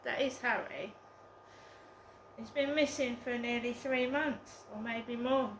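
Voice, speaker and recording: A woman's voice: fairly high pitch, fairly even intonation, roomy sound, slight background noise, poor audio. A woman telling a story in a casual vlog, hesitant and full of ums. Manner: slow, hesitant, with many ums. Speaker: vlogger.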